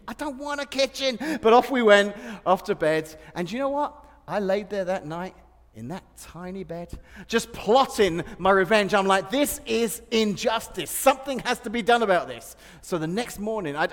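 Man, high voice, pastor, sermon, funny stories, laughs a lot, long hall reverb. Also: fairly bright tone. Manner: humorous storytelling, laughs often.

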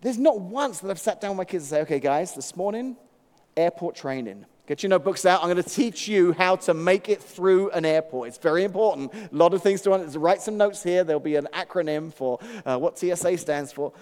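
Man, middle-aged, pastor telling a story, self-mocking, a bit high-pitched, long hall echo. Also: brisk. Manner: animated, self-mocking, laughs often. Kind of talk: storytelling devotional talk.

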